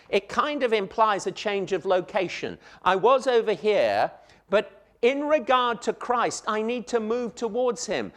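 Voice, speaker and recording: A man preaching a sermon, emphatic, repeating key phrases and speaking straight to his listeners. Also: high voice. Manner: addresses the listeners directly.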